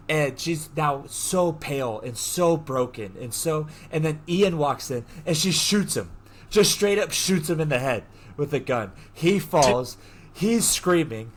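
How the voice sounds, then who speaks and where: A man hosting a podcast, casually retelling a movie plot, acting out the characters' lines in quick bursts and swearing freely. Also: fairly high pitch, a little hiss or hum. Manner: swears casually, heavy use of "like". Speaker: podcast host.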